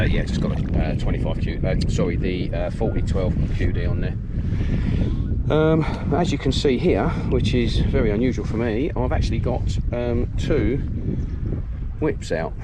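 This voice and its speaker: Middle-aged man, lowish voice, rambling fishing vlogger, loud outdoor wind noise. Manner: chatty, lots of ums and restarts. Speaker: match angler filming his day. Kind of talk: casual vlog commentary. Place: outdoors on a windy reservoir bank. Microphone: handheld camera.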